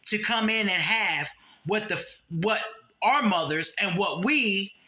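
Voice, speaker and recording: A man giving a blunt, profane, preachy monologue, quoting scripture and swinging between raised emphasis and low, dropped-voice warnings. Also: lively intonation, unhurried, pushed and bright. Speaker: religious commentator.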